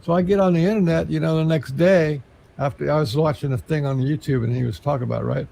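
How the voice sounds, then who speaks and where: Gravelly man telling a rambling story. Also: on the high side, fast talker, mellow, rough recording. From Texas. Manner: meandering, earnest storytelling. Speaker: interview guest. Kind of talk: long spoken story in an interview.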